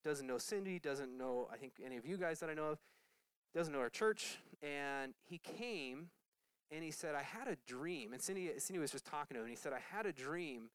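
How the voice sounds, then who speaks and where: A male pastor preaching a lively testimony with a smooth, resonant voice that sits a little high. His delivery is animated, jumping up in pitch when he gets excited. The sound is dry and close. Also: moderate pace, dry recording, low-quality recording. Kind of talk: sermon testimony.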